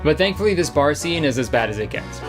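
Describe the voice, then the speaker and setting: Sarcastic man, comedic movie commentary, slightly high voice, music under. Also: lively intonation, quick pace. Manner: sarcastic, joking, laughs often, acts out bits in voices.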